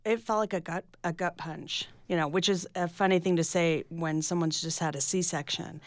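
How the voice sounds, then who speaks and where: A woman's voice: on the low side, fairly even intonation, moderate pace, no echo, clean studio sound. A middle-aged woman, an author talking candidly and reflectively in a radio interview, often restarting her sentences. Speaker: author and guest.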